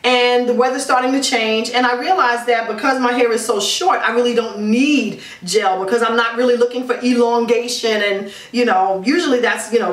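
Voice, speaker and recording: Woman, casual hair-care vlog, chatty and emphatic, fairly high voice, distant mic in an echoey room. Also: a bit bright. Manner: chatty and emphatic, with many ums and repeats. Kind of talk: casual product review vlog.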